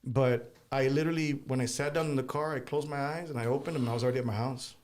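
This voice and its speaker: A man, a guest musician, telling casual stories in an animated way and laughing as he talks. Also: mid-range voice, fast talker. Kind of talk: casual storytelling.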